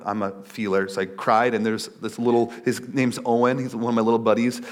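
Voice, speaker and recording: A man in his thirties preaching a casual, animated sermon, acting out little quotes. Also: brisk. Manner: animated, acts out quotes in a high voice. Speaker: pastor.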